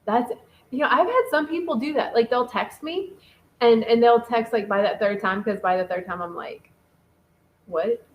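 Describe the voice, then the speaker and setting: A woman talks through relationships in a loose, chatty way as co-host. Her voice sits somewhat high, and she moves quickly from one thought to the next while reading listener comments aloud. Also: highs cut off. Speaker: podcast co-host. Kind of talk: casual relationship talk.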